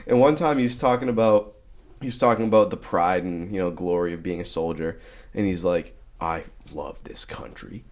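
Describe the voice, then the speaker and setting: A young man co-hosting a podcast in casual chat, telling animated stories full of laughter and sudden loud outbursts. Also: sits low, fairly quick. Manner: animated storyteller who breaks into loud shouts and laughter. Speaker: podcast co-host.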